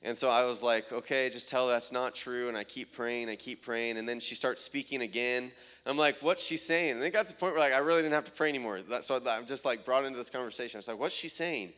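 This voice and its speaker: A man telling testimonies of prayer meetings and healings, often quoting people in a raised, excited voice. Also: medium pitch, quick pace, clean tone. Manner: animated retelling, quoting others in raised voice. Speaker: traveling minister. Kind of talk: testimony storytelling.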